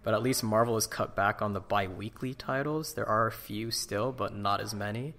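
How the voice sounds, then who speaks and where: A man's voice: fairly low pitch, normal speed, vocal fry, a bit bright. A man co-hosting a podcast in casual chat, opinionated and ranting about what annoys him. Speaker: podcast co-host.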